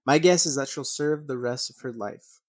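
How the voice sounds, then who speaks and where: A man's voice: mid-range voice, moderate pace, no echo. A man narrating true crime cases, reading from news articles and adding blunt, swearing commentary, often stumbling and restarting. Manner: reads news text then rants with swearing; stumbles and restarts over names.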